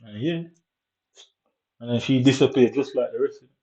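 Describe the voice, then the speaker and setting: A young man rambles through a personal story at an easy, unhurried pace. His speech is full of "innit" and "you get me", with a mid-pitched, everyday voice. The recording sounds dull and lo-fi. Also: dark tone. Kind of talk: casual storytelling monologue.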